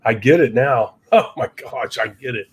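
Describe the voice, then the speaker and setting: A man's voice: medium pitch, normal speed, breathy edge. Chatty middle-aged man hosting a podcast. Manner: chatty, folksy, laughs easily. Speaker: podcast host. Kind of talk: casual chat.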